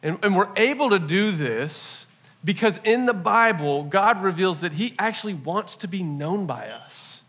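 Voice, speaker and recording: A man in his forties preaching a sermon, opening with an earnest, animated personal story. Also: high-pitched, measured pace, husky. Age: 40s. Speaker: pastor.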